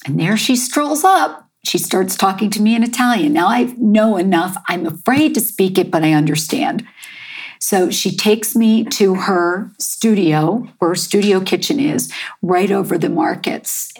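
An American woman, a chef and artist, telling her life story in an interview, halting and reflective with many fillers. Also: medium pitch, husky. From United States.

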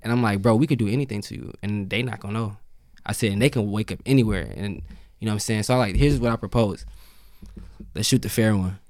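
Young man telling a story with animated quotes. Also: fairly low pitch, quick pace, no room sound, studio quality. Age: young adult. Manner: animated storyteller who acts out quoted lines. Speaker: podcast guest. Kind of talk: casual storytelling chat.

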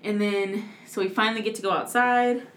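A woman in her twenties telling a story in casual chat, animated and laughing, with lots of "like". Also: medium pitch, a little fast, slight background noise. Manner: animated, laughing, heavy use of "like". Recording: echoey room.

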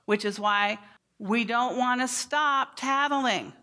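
A woman's voice: fairly high pitch, slow, bright, forceful tone. A woman educator giving a workshop talk to teachers, speaking emphatically and asking the room questions. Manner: emphatic, asks the audience questions.

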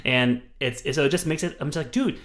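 A man co-hosting a casual film-review podcast, talking in an animated, profane way and slipping into mocking mimicry. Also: fairly high pitch, brisk. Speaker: podcast co-host.

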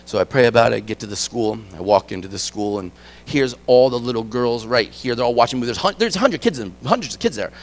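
Middle-aged guy preaching, chatty storytelling sermon, voice all over the place from quiet to loud. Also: mid-range voice, fast talker. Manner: animated, storytelling, swings from quiet to emphatic. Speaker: guest preacher. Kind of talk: conversational sermon with personal stories.

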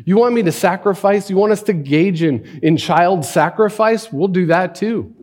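A man's voice: sits high, normal speed, darkish tone, voice pushed up. A man putting on a sarcastic, exasperated defender. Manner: mocking, sarcastic, incredulous.

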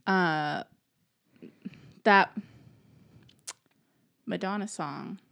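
A woman co-hosting a casual podcast chat, sassy and joking, often trailing off into a low mutter. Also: very slow, gravelly, a bit bright. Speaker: podcast co-host.

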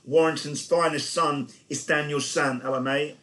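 Joking podcast host. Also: male voice, a little high, steady tone, moderate pace, fairly bright tone. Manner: chatty, jokey and laughing. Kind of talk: casual chat. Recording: noisy background.

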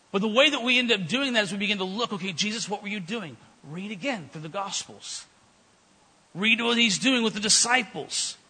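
A guest preacher with a high-pitched, sharp voice delivers a fervent sermon in a church sanctuary, telling stories full of quoted dialogue. The recording carries the long reverb of a church hall.

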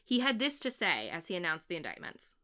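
A woman with a bright, crisp voice talks casually as a podcast co-host. She is chatty and sarcastic. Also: on the low side, wildly swooping pitch, brisk. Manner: chatty and sarcastic, laughs often. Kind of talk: casual chat.

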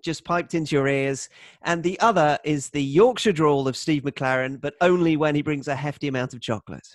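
A man's voice: fairly high pitch, brisk, dry recording, studio quality. A man hosting a podcast, reading the outro with wry banter. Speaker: podcast host. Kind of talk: casual podcast chat and outro.

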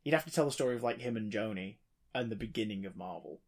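A man's voice: fairly low pitch, fast talker. A man co-hosting a casual podcast, rambling and restarting his sentences and swearing casually. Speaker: podcast co-host.

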